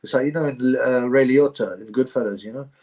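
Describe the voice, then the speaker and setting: A man's voice: mid-range voice, brisk, dark tone. A man hosting a casual livestream, reading out viewer comments in a chatty, rambling way and laughing often. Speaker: livestream host.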